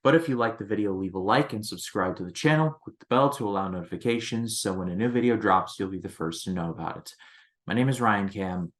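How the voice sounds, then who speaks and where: Man with a lowish voice reviewing movies. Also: quick pace, fairly bright tone. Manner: rambling, leans on "basically" and restarts. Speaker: movie review channel host. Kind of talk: casual movie review talk.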